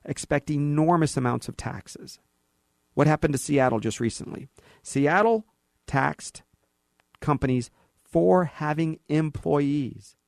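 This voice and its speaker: A man hosting talk radio in a rough, slightly raised voice, opinionated and sarcastic. He acts out little exchanges to make his points. The sound is dry and close, with no room around it. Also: fairly high pitch, takes it slowly, no room sound. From California. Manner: animated, sarcastic, acts out dialogue. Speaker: radio show host. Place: radio studio.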